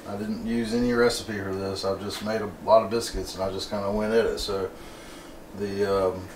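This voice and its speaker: A man's voice: on the low side, flat delivery, moderate pace, a little hiss or hum. A man, hosting a casual home cooking demonstration in an easygoing, folksy, rambling way. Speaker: cooking show host. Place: home kitchen. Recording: roomy kitchen, mic at a distance.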